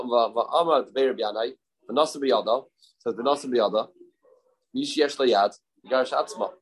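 A man's voice: mid-range voice, husky, rough recording. A man teaching a daily Talmud class, mixing English with Hebrew and Aramaic terms and asking rhetorical questions.

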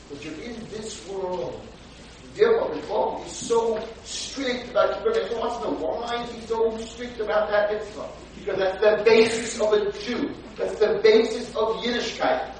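Animated rabbi in an echoey room. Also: male voice, high-pitched, unhurried. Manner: animated, acts out dialogue, swings between quiet and shouting. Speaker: rabbi teaching a Torah class. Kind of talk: Torah lecture with told stories. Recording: echoey room from a distant mic, faint background hum.

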